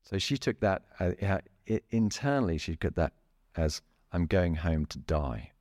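A middle-aged man speaking as a therapist guest in a relaxed interview, chatty, laughing often and restarting his sentences. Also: low voice, normal speed, no echo, clean studio sound. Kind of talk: casual interview talk.

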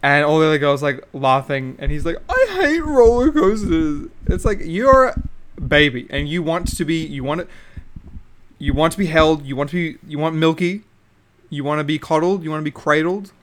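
Brisk and steady, this young male podcast host has a fairly high, bright voice. Alone on the mic, he vents about a reality show in a casual recap, cursing and filling gaps with ums and likes.

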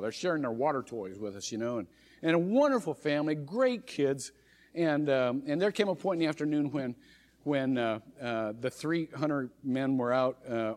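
A middle-aged man, a pastor, preaching a sermon by telling a personal story, animated and chuckling often, with frequent restarts. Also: medium pitch. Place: church sanctuary. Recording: long reverb of a church hall.

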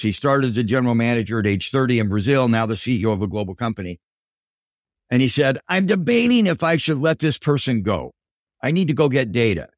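Older guy telling coaching stories, mid pitch, dry close sound. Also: dry recording. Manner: animated storyteller, voices quotes in dialogue. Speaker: guest, business professor and executive coach. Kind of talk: storytelling interview answers.

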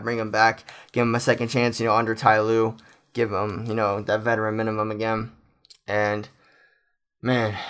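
A man's voice: fairly low pitch, a bit bright. A young man talking casually as a fan commentator in an effusive, emotional, rambling monologue.

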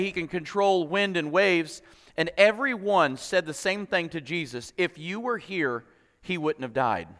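A man's voice: sits high, a bit bright. A man preaching a sermon as pastor, often repeating words as he starts sentences and building in intensity. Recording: long reverb of a hall.

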